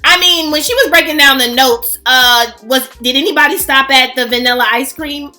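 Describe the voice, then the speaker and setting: Brief: high, bright woman, animated gushing vlog host, faint music under. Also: moderate pace. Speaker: fragrance channel host. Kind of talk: casual chatty vlog.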